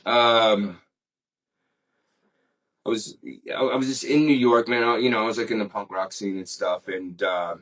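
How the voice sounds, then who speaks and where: A man's voice: on the low side, fairly even intonation, unhurried, long pauses, a bit bright, poor audio. A middle-aged man telling a story as an interview guest in casual, rambling talk, swearing freely and saying "man" often. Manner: rambling, laid-back, peppered with "man" and swearing.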